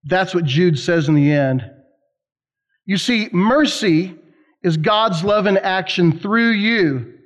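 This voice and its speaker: A man preaching a sermon to college students, telling stories in an animated, emphatic way with conversational asides. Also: high voice, slow pace. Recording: slightly dull lo-fi sound.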